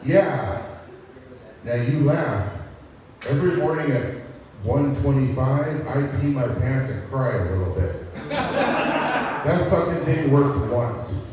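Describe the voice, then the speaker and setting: A middle-aged stand-up comedian on a comedy club stage tells profane stories about his son and does crowd work. His medium-pitched voice is animated but slow, with long pauses, and the recording has background noise, sounding like an echoey hall captured from far off with the crowd audible.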